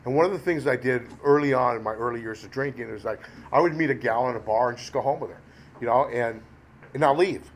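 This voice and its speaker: This middle-aged man tells his recovery story quickly and candidly in a medium-pitched voice, over slight background noise. His rambling account is self-deprecating and full of "you know."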